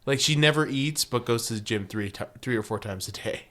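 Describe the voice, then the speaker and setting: A man's voice: brisk, pushed and bright. Wisecracking male podcast co-host. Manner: laughing, wisecracking, jumps into high mock voices for quotes. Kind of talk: casual chat recapping a TV episode.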